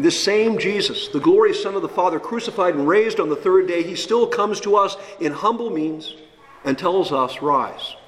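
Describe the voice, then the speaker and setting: Preaching man in a reverberant church. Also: fairly high pitch. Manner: emphatic preaching with rhetorical questions and repeated refrains. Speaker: pastor. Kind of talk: sermon. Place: church sanctuary.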